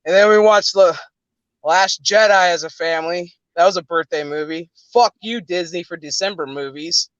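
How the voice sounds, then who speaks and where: A man's voice: high voice, normal speed, fairly bright tone, no room sound, muffled recording. A man chatting casually as a co-host, telling crude stories with lots of swearing and laughter. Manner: profane, laughing storyteller. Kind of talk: casual chat.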